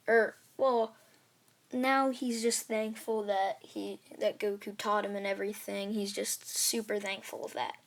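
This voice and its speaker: Woman rambling through a fan story, lots of "like", middle pitch, super casual. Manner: rambling, many fillers and restarts. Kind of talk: casual spoken fan-fiction retelling.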